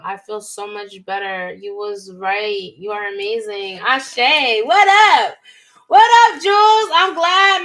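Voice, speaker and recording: A young woman giving a live tarot reading, animated and emphatic, full of slang, talking straight to her viewers. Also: on the high side, a little hiss or hum. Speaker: tarot reader.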